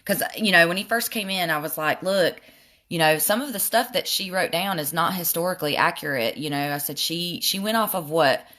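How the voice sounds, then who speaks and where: A young woman doing a makeup tutorial at home, telling a frustrated, animated story with swearing. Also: on the low side, brisk. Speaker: beauty vlogger.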